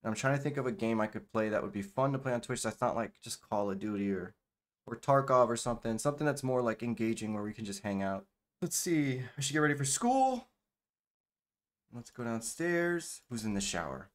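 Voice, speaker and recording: A man's voice: mid-range voice, fairly quick. Man, gameplay commentary, casual, slangy, chatty, cusses freely. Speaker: gaming channel host.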